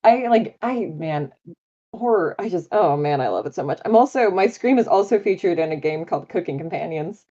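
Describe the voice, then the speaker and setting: A woman's voice: lowish voice, expressive, a little fast, mellow, dull audio. A woman voice actor as a guest on a live interview chat, talking in a bubbly, enthusiastic way with many fillers.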